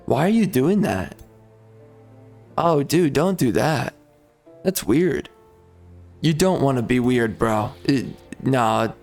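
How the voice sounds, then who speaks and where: Slow-talking, ranting gameplay commentator man. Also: mid-range voice, expressive, a little mellow, faint music behind. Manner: ranting, mock-outraged and sarcastic. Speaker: strategy game YouTuber.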